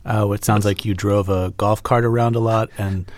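Low-voiced male interviewer, dry studio sound. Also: steady tone, normal speed, dry recording. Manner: conversational, laughs easily, reads a passage aloud. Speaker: radio interviewer. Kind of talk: interview with an author.

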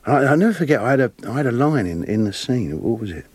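Husky Cockney man telling stories. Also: mid-range voice, quick pace, no echo. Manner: animated, laughing often, plays voices in his stories. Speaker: actor guest. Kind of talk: storytelling interview anecdotes.

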